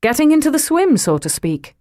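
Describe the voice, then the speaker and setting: A woman voicing a suave, wealthy man with a faint Irish lilt, smooth and amused, in an audiobook. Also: sits high, very animated, a little fast, dark tone, no echo, studio quality, pitched above the performer's own voice. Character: suave wealthy man, teasing and self-assured. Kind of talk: audiobook character reading.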